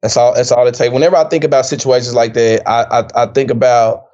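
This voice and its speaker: A man's voice: medium pitch, level tone, fast talker, a little mellow. Casting: blunt male podcast co-host, stumbles over repeats, muffled audio. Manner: blunt, repeats words when heated, swears. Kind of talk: casual political chat. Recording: dull-sounding podcast audio.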